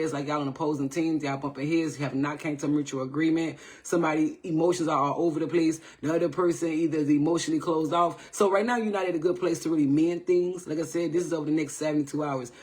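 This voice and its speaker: A man's voice: a little high, a little mellow. A man giving a casual live tarot reading, chatty and repetitive, often checking in with viewers. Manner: loose, repetitive, greets viewers by name, says "all right?" often. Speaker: tarot reader on a livestream.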